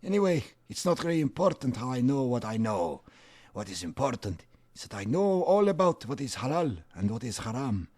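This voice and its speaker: A man's voice: medium pitch, very animated, a little fast, a little mellow, pitched above the performer's own voice. A man voicing a drunk old man in a desert tavern who rambles theatrically and begs for beer. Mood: grand, knowing. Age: older.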